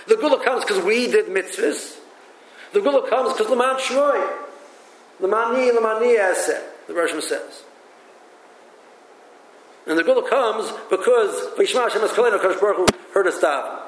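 A man teaching a religious text as a rabbi, talking haltingly and repeating himself as he tells stories. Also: sits high, slight background noise. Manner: halting and repetitive, thinks aloud. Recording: echoey room with faint ambience.

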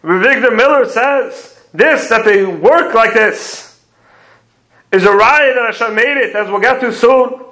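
Guy with a really high voice teaching torah, echoey room. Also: measured pace, sharp tone. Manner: explains commentaries step by step, quoting Hebrew phrases. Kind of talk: prayer commentary lecture.

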